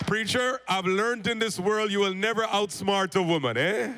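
A man preaching in a church with a long echo trailing each phrase. His voice sits a little high, and he tells stories and calls out for amens. He swings from raised proclamation to low, intense pleading. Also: normal speed, few pauses, background noise. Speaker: pastor. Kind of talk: sermon. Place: church sanctuary. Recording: church hall reverb.

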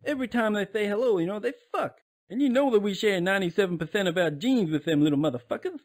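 Man playing a swaggering cartoon loudmouth, high voice, bouncy pitch, profane. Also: expressive, fast talker. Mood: crude. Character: crude, foul-mouthed loudmouth man, brash.

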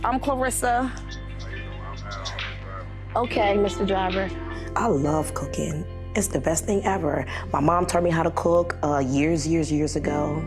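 Excited woman over background music. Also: sits low, normal speed. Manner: excited, laughs often. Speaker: program participant in a video. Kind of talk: documentary interview.

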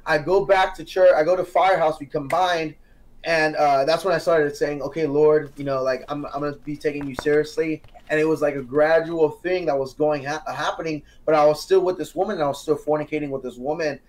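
A young man on a podcast giving an earnest personal testimony, telling it as a story with quoted dialogue and growing animated at the high points. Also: a little fast. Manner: earnest, grows animated and excited when telling the climax. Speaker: podcast guest. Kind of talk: casual testimony.

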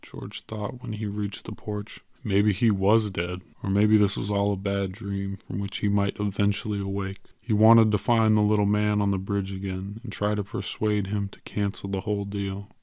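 A man reads a story aloud in a low, level voice that barely rises or falls. His delivery is measured and even, and the recording is close and dry, with no room sound. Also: dry recording. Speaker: audiobook narrator. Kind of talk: scripted narration.

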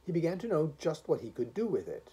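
A man reading a short story aloud, narrating with expression and measured pacing. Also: on the high side, wildly swooping pitch, warm tone, husky. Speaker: audiobook reader.

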